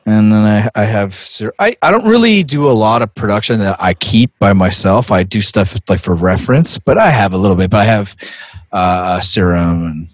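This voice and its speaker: A man chatting casually in a relaxed, slangy way. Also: on the low side, normal speed, dry recording, clean studio sound. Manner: laid-back slangy talk. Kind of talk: casual chat.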